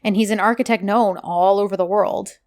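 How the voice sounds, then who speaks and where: A woman's voice: mid-range voice, fairly even intonation, brisk. A woman co-hosting a casual chat, animatedly retelling scenes and acting out the characters' lines. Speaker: podcast co-host recapping a TV drama.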